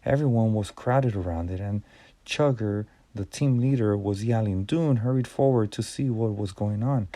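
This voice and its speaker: A man narrating an audiobook in a measured reading style with small stumbles and restarts. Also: on the low side, dark tone, no room sound.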